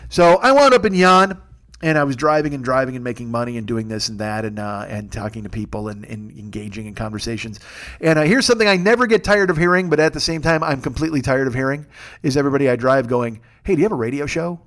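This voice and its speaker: A man's voice: medium pitch, animated, fast talker, a bit bright. A man hosting his own show in a casual comic monologue, rambling and profane with a wry tone. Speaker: podcast host.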